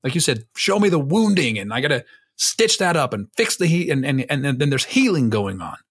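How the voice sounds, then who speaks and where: A man's voice: mid-range voice, very animated, a little fast, fairly bright tone, slightly rough. A man co-hosting a podcast in casual chat, rambling and self-mocking, swearing freely. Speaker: podcast co-host.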